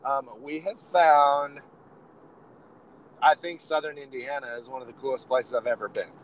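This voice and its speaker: A man with a hoarse, raspy voice from a sore throat, co-hosting a podcast in casual, joking chat while riding in a car. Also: mid-range voice, steady tone, normal speed, rough recording. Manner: joking, rambling, upbeat. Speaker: podcast co-host. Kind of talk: casual chat on a phone call from the road. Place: inside a moving car. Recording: faint road noise from a car.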